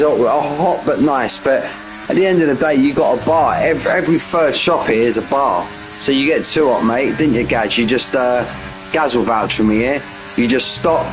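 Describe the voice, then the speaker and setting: A man in his forties delivers casual, slang-filled live race commentary in a mid-range voice, captured on a low-quality recording. He chats between calls, answers the chat mid-race, and leaps up with bursts of excitement at close moments.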